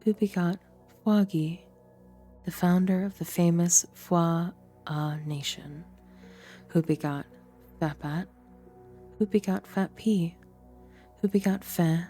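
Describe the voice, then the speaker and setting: A young adult woman, a streamer and voice actor, reading game lore aloud in a theatrical, deliberate storybook manner. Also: lowish voice, dark tone, faint music behind.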